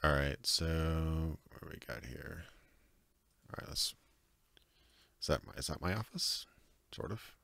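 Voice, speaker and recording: A man's voice: extremely low pitch, expressive, a little slow, gravelly, long pauses, a bit bright, dry recording. A man livestreaming a video game, thinking aloud and chuckling, sometimes unsure what to do next. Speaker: streamer. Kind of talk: livestream gameplay commentary.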